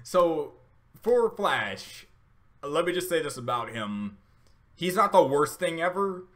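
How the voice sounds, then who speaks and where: A man's voice: on the high side, big pitch swings, slow pace, a bit bright. A man hosting a casual reaction video, rambling with many fillers and restarts, and getting emotional at times. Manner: emotional, laughing through tears.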